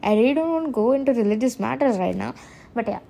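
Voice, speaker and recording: A fairly high-voiced woman, talking on her own podcast. She rambles in an earnest, casual way, restarting her sentences and breaking into small laughs. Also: expressive, quick pace, creaky, mellow. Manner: rambling and earnest, self-correcting, laughs often. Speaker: podcast host. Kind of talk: casual solo podcast monologue.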